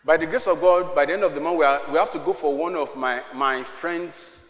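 An older man preaching a sermon to his church, dropping to hushed asides and then rising to shouted exhortations. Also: on the high side, brisk. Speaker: pastor. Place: large church hall. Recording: echoey reverberant church hall.

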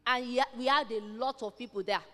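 Woman preaching hard, high bright voice, big church echo. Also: brisk. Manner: fervent, emphatic preaching with rising intensity. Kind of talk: sermon. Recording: long hall reverb.

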